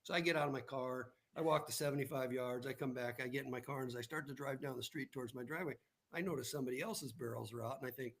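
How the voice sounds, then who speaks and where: A man speaking as a guest on a live online broadcast, unhurried and conversational as he works through his anecdotes. He often tags his points with a quick "right?" to draw the listener in, and his voice sits in an ordinary middle register. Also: medium pitch, fairly even intonation, a bit bright. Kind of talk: casual storytelling in conversation.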